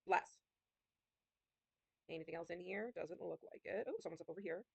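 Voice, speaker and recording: Woman streamer chatting thru a game, thinks out loud, dry close mic. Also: on the low side, quick pace, vocal fry, breathy edge, no echo. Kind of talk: casual let's-play commentary.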